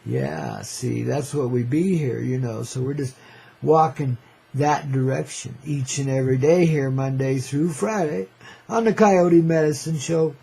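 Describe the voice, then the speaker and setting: Hosting his own radio show, an older man rambles a little slowly in a laid-back hippie drawl, his mid-range voice gravelly, husky and mellow. Every few lines he says "man," and chuckles keep breaking through.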